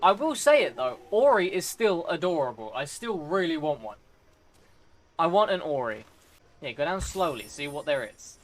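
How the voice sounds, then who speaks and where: A man streaming a video game, talking to it excitably with yelps and groans. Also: fairly high pitch, normal speed.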